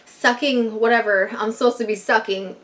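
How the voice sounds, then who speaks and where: A young woman telling a casual storytime to camera, animated and profane, laughing often. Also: fairly high pitch, moderate pace. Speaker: vlogger.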